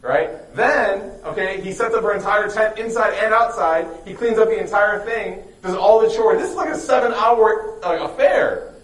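A man's voice: sits high, normal speed. Joking male youth speaker, echoey room. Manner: joking, quizzes the audience. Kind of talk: storytelling religious talk. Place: room with a live audience. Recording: echoey room, distant mic.

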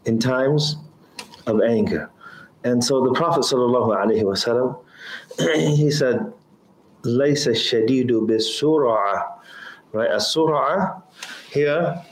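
A man giving a religious lesson on hadith, reciting Arabic quickly and explaining in slower, halting English. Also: medium pitch. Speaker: Islamic teacher. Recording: roomy echo with faint ambience.

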